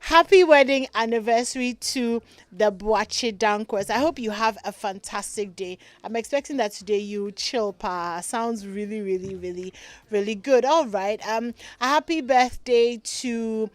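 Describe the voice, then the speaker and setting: A woman's voice: a little high, measured pace, no echo. Upbeat woman radio host. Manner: upbeat and chatty, drawing out words. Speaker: radio morning show host. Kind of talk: live radio chat and listener shout-outs. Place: radio studio. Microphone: studio microphone.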